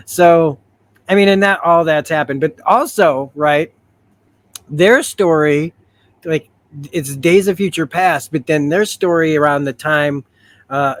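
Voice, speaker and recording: A man hosting a comic book show, chatting casually and reading the comic aloud, with lots of fillers. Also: a little high. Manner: chatty, filler-heavy, laughs at himself. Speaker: host.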